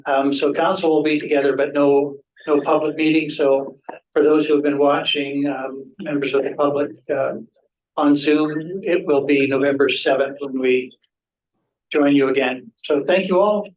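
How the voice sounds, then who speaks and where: A man chairing a council meeting as mayor, measured and procedural, with frequent ums. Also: a little high, fairly even intonation, muffled recording. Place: council chamber. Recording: echoey room, voice from a distance.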